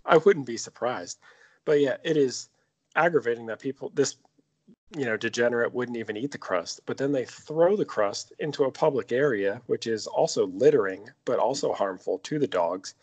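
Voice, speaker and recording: A man's voice: medium pitch, moderate pace, slightly rough. A man co-hosting a casual podcast, telling a story with lots of swearing. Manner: animated, profane storytelling. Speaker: podcast co-host.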